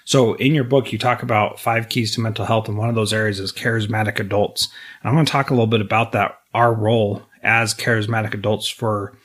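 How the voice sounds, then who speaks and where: A man's voice: on the low side, a bit bright. A middle-aged man hosting an interview podcast, talking earnestly about supporting teenagers. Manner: earnest, emotional at times. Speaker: podcast host. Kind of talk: interview conversation.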